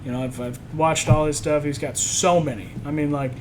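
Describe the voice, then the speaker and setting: A man on a podcast, casually telling an animated story and acting out what others said. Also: a little high, fairly quick, slight background noise, rough recording. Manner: animated storytelling, acts out quotes. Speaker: podcast co-host. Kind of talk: casual chat.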